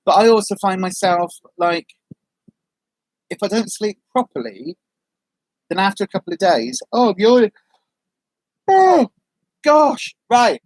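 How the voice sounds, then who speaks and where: A woman's voice: mid-range voice, animated, measured pace, long pauses, a little mellow, dry recording. A woman chatting casually on a livestream, reading out viewer comments in a rambling, friendly way with lots of ums. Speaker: vlogger, livestream host.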